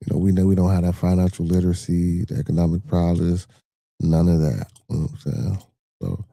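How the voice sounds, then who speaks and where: A man's voice: very deep voice, dark tone, dry recording. A man with a Chicago accent hosting a podcast live stream, chatting loosely with viewers, swearing freely and filling his talk with "you know what I'm saying.". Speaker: podcast host. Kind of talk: casual live-stream chat.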